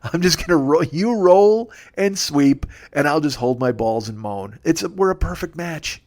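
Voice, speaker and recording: A man's voice: on the high side, lively intonation, brisk. A man in his forties hosting a solo comedy podcast, rambling and profane, often laughing at his own jokes. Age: 40s. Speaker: comedian host.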